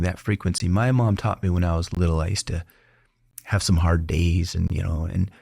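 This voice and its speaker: A man's voice: deep voice, gravelly, breathy edge, dry recording. A middle-aged man hosting a casual interview, telling stories with lots of laughter and acting out the voices of people he quotes. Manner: animated storyteller who laughs often and acts out quotes. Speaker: doctor and podcast host.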